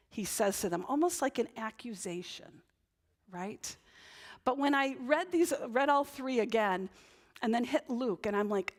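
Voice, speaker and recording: Her voice sits mid-range, expressive and measured in pace, as this Northern New England woman pastor gives a chatty sermon in church. Again and again she checks in with "right?" after a point.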